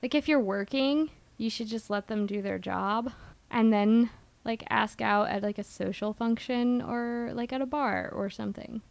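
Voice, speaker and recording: A woman's voice: on the high side, creaky, no echo. A woman co-hosting a podcast in casual chat, making wry joking asides about a film. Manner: wry, quick jokey asides. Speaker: podcast co-host.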